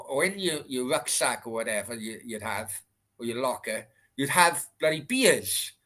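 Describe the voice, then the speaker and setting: With a voice on the high side, bright and forceful in tone, a man from Wales hosts a casual late-night livestream Q&A. Replying to chat, he's chatty and rambling, swears freely, and often restarts what he's saying.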